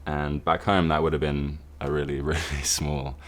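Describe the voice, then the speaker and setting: A British man from a band telling a tour anecdote in a dry, steady way, chuckling now and then. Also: very deep voice, normal speed, a little hiss or hum. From United Kingdom. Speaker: band member. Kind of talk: casual anecdote.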